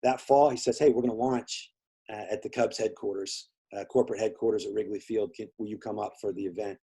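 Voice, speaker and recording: A fairly quick, fairly low voice with a dark tone and a breathy edge belongs to an Indiana man being interviewed. His intonation stays fairly even as he rambles casually through a long story, peppered with fillers and acted-out quotes.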